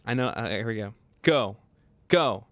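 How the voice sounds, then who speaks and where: Excitable man hosting a livestream. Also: mid-range voice, unhurried, no room sound. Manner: excitable, laughs often, quotes movie lines in funny voices. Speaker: livestream host. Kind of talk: casual livestream chat.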